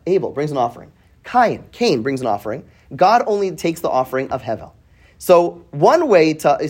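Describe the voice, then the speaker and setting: A man's voice: a little high, a little mellow, breathy edge. Man teaching a weekly Bible class. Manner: reads Hebrew verses then translates, asks students questions, often adds "right?"; restarts and repeats words while thinking aloud. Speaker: Torah teacher.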